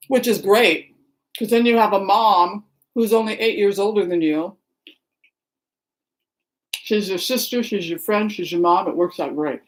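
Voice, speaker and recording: This middle-aged woman, a livestream host from Washington's Seattle area, talks in a mid-range voice. She rambles casually with her live viewers and greets them by name. The recording is low quality.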